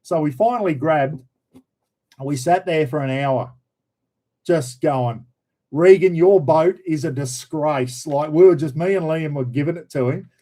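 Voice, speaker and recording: Australian man, casual yarn, mellow voice, slightly high pitch. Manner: animated, acts out quoted shouts, laughs mid-sentence. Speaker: vlogger, former police officer. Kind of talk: casual storytelling.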